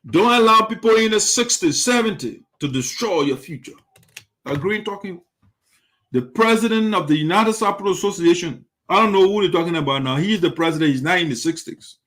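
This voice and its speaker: A man with a high, fairly bright voice hosts a critical political commentary show. He sounds indignant, piling on rhetorical questions that keep circling back to the same points.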